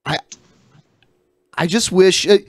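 A man co-hosting a casual podcast panel chat, rambling and joking with halting restarts. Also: high voice, no room sound, clean studio sound. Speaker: podcast co-host.

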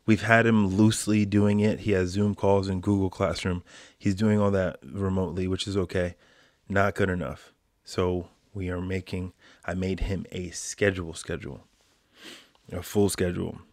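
A man's voice: fairly low pitch, no echo, studio quality. A man hosting a solo podcast, ranting in a casual, slangy way and calling people bro. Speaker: podcast host. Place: home, quarantine.

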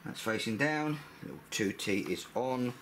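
A man's voice: medium pitch, a little slow, fairly bright tone, a little hiss or hum. A middle-aged man with a blunt, chatty manner, talking through a scooter repair in a workshop and swearing freely. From United Kingdom. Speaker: mechanic vlogger. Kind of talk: casual repair tutorial.

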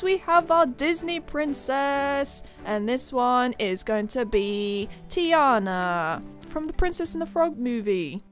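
A woman giving casual gameplay commentary, chatty and excitable, with sudden shrieks of surprise. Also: sits high. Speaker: game commentator.

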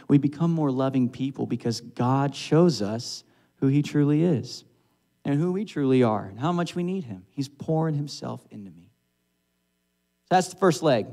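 A man's voice: medium pitch, darkish tone. A man preaching a sermon in a church sanctuary, speaking in a conversational way and asking his congregation questions. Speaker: pastor.

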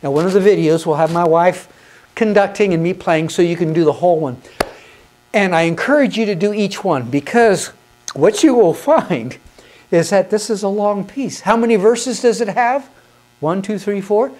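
A man's voice: high voice, normal speed, darkish tone, a little hiss or hum. A man teaching hymn conducting in an instructional video, patient and encouraging, counting beats aloud and asking questions that he answers himself.

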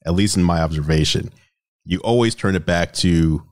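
A man's voice: low voice, moderate pace. A man hosting a tech podcast, chatting casually and steering the conversation to the next topic. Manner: affable, complimentary, steers the segments. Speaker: podcast host.

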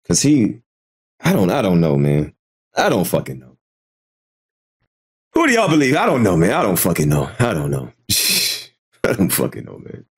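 Hesitant male commentary host, lively pitch. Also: moderate pace, long pauses, slightly rough. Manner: hesitant, repeats himself, swears freely. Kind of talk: casual live commentary.

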